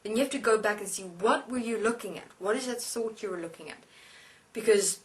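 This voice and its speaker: A woman giving a spiritual lecture as a channeled being, speaking slowly and deliberately with halting pauses. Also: medium pitch. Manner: slow, halting, deliberate instruction. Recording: voice distant from the mic.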